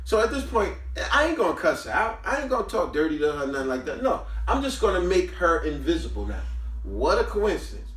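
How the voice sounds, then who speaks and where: A man's voice: fairly high pitch, sing-song, fairly quick, fairly bright tone. A man hosting a book review who tells a story casually, with emphatic, preachy asides to his listeners. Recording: roomy, from a distance.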